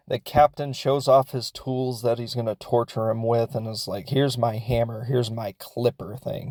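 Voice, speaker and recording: A man's voice: medium pitch, a little mellow, no room sound. A man hosting a show and casually recapping a film in a rambling, wry way, full of fillers. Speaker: host.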